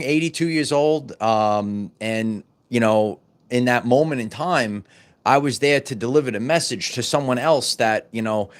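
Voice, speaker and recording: A man tells a story to camera as a wellness vlogger, in a loose, casual monologue. He often stumbles and repeats words before finishing a thought. His voice sits at a middle pitch. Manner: halting, many restarts and repeated words.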